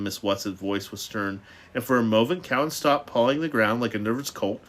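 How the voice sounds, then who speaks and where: A man's voice: medium pitch, brisk, fairly bright tone. A man reading a novel aloud, with frequent stumbles and restarts. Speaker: reader.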